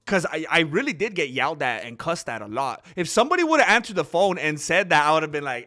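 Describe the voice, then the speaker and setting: A man's voice: fairly high pitch, fast, few pauses. A man hosting a casual livestream, telling stories animatedly with frequent laughter and reading chat aloud. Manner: animated storyteller who laughs often and reads chat. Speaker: channel host.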